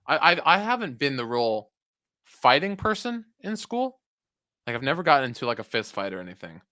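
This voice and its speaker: A young man chats on his podcast in a bright, forceful voice, recorded close and dry. He rambles from story to story, stumbles over his own words and swears freely. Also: mid-range voice, sing-song, fairly quick, dry recording. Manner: rambling, self-interrupting, swears often. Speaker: podcast co-host. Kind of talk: casual chat.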